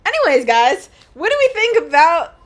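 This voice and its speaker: A woman's voice: extremely high pitch, big pitch swings, moderate pace, faint music behind. A young woman streaming a game, talking in a casual, rambling, self-mocking way with some swearing. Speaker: gaming streamer. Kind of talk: casual let's-play commentary.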